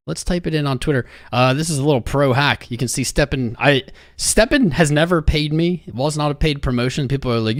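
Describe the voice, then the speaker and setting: A man's voice: mid-range voice, expressive, a little fast, hardly any pauses, no room sound, studio quality. A young man hosting a crypto livestream, talking restlessly to his chat while he searches for something.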